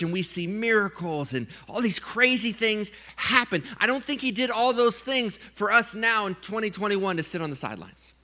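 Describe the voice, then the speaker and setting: A man preaching a sermon, telling a funny story with lively, animated delivery and acted-out voices. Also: high-pitched. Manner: animated storytelling, acts out his own scared voice. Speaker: pastor.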